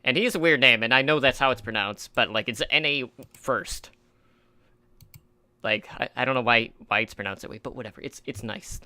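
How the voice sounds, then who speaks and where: A man's voice: medium pitch, brisk, bright, forceful tone, clean tone, dry recording. A man hosting an esports talk show in a casual, rambling way, with lots of fillers, and he stumbles over player names. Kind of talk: casual esports podcast chat.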